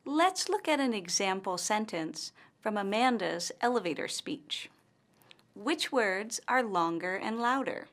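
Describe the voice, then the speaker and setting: A woman English pronunciation teacher giving a slow, careful, scripted lesson narration. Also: mid-range voice, a bit bright.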